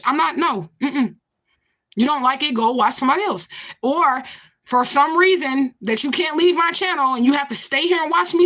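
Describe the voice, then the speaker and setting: Fired-up high-voiced woman ranting. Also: pushed and bright. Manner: heated, sarcastic, profane, rapid-fire questioning. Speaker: livestream host. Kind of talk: angry livestream rant.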